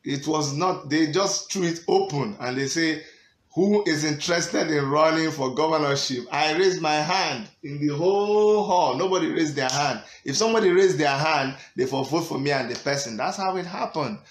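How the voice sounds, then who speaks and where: A man's voice: fairly high pitch, normal speed, hardly any pauses, reverberant. A middle-aged Nigerian man with a Nigerian accent, giving an emphatic vlog rant that switches between Pidgin and English, chuckling often. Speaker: political party member.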